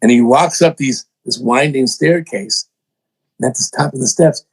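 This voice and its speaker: An older man, a songwriter and producer, telling animated stories in an interview, acting out other people's voices and poking fun at himself. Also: mid-range voice, normal speed, husky, poor audio. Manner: excitable, acts out voices in quotes, self-mocking.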